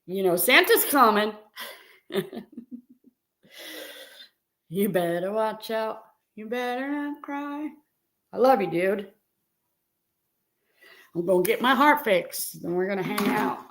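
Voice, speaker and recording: A middle-aged woman chats on a live stream, speaking straight to her viewers. She talks slowly and unhurriedly, at an ordinary mid pitch. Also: expressive, fairly bright tone. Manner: chatty, talks directly to viewers. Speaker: live-stream host and reseller. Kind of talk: casual live-stream chat.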